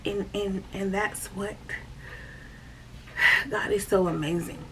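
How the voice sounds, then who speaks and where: A woman, talking earnestly and repetitively about her faith in a casual vlog, often dropping to a soft, breathy near-whisper. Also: medium pitch, steady tone, takes it slowly. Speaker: faith vlogger. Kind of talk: casual spiritual talk. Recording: distant mic with faint noise.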